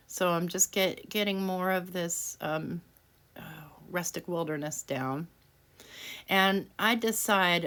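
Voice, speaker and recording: A woman's voice: lowish voice, fairly bright tone. A woman hosting a craft tutorial, chatting casually and self-deprecatingly while she works, laughing often. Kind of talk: casual craft demonstration voice-over.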